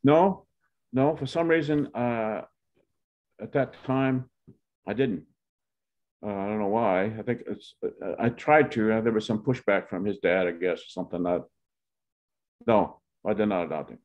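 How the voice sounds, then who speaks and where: A man's voice: fairly low pitch, a little slow, pauses often, dull audio. A man in his seventies from Oklahoma, telling his life story in a rambling, heartfelt way with many restarts. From Oklahoma, USA. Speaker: interviewee.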